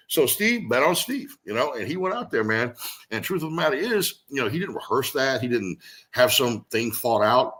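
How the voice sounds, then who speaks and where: A man tells stories in a lively, bouncing voice that swings widely up and down in pitch. His tone is bright and forward, and he rambles casually through them with many fillers as an interview guest. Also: normal speed. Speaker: guest, former pro wrestler.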